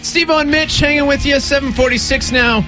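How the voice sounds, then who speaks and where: A man's voice: very high voice, steady tone, over music. A man hosting a morning radio show in the studio, joking around casually and laughing often. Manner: jokey, quick, laughs often. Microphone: studio microphone.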